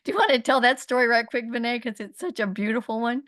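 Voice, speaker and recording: A middle-aged or older woman on a video call, telling a personal story in an animated way. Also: a little high, fast. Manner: animated storyteller, laughs often. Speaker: community call participant.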